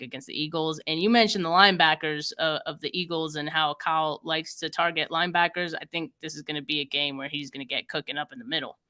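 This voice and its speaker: A woman co-hosting a casual live-stream sports podcast, with a relaxed, somewhat mumbling way of talking. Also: deep voice. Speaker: podcast co-host.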